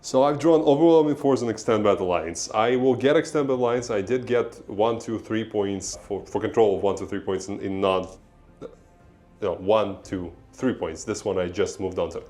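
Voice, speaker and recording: Over faint background music, a Russian-accented man casually calls a tabletop battle in a lowish, slightly mellow voice at normal speed. He laughs a lot and corrects his own counts in this battle report play-by-play.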